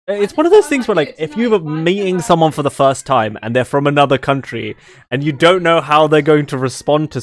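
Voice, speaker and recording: A man's voice: fairly high pitch, no echo. A British man co-hosting a podcast in casual chat, telling stories with laughs and acted-out voices. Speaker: podcast co-host.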